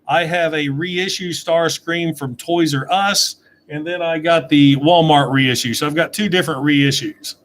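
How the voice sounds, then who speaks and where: A man's voice: on the high side, unhurried, few pauses. Chatty man reading live chat questions. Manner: chatty, reads out viewer questions. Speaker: toy reviewer answering live chat. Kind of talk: casual livestream chat.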